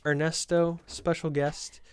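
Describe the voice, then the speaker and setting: A man's voice: on the high side, flat delivery, measured pace. A young man from the southern United States with a light Southern accent, hosting a casual podcast in a chatty, meandering way that keeps correcting itself. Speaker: podcast host. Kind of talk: casual rambling podcast chat.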